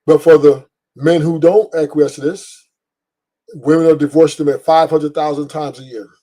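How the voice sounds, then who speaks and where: A man with a warm, mellow voice sits at the mic hosting his own commentary show. He speaks in a preachy, emphatic way and repeats his main lines for effect. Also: a little high, steady tone, moderate pace. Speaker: host. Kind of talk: opinion commentary.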